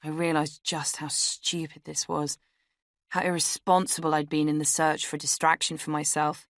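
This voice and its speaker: A young woman narrates her own memoir with candid, wry delivery. Her voice sits low. The studio sound is dry and close. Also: flat delivery, moderate pace, dry recording. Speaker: author reading her memoir. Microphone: studio microphone.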